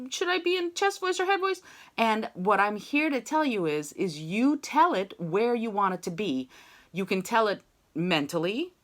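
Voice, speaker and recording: A woman's voice: fairly low pitch, fairly bright tone. A woman singing teacher with a mezzo voice, chatty and encouraging as she leads an online voice lesson and sings short demo phrases. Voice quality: mezzo-soprano voice.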